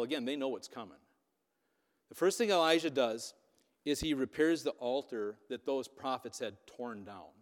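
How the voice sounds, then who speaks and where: A man preaching a sermon, retelling scripture as lively storytelling with sarcastic asides. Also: medium pitch. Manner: animated storytelling, voicing quotes with sarcasm. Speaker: pastor. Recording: long hall reverb.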